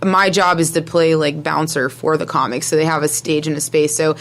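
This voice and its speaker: A woman's voice: deep voice, steady tone, fairly quick. A woman who hosts comedy shows, chatting casually and rambling with lots of "like". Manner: rambling, heavy use of "like". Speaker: comedy show host. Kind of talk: casual chat.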